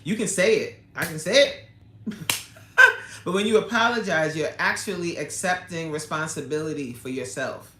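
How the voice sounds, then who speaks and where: A woman's voice: deep voice, normal speed, a bit bright, slight background noise. A woman coach hosting a casual live chat, answering viewer comments in an emphatic, candid way. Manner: emphatic and candid, with frequent laughs. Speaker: fitness coach hosting a livestream. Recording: echoey room with faint ambience.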